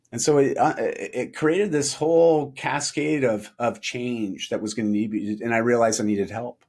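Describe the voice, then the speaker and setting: A middle-aged man telling a personal story as a podcast guest, animated, laughing often and acting out quoted dialogue. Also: mid-range voice, moderate pace, hardly any pauses. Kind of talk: storytelling in a casual interview.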